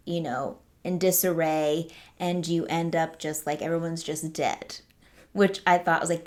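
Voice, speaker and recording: A woman with a slightly low voice hosts a casual movie review vlog. She talks in an enthusiastic, rambling way, full of fillers and restarts. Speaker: movie reviewer, channel host.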